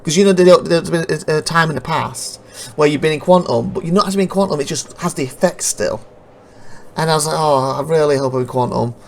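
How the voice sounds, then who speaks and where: A man's voice: fairly high pitch, a little fast, gravelly, a little hiss or hum. A man giving casual commentary over recorded gameplay, rambling, restarting sentences and laughing at glitches. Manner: rambling, self-interrupting, laughs at bugs.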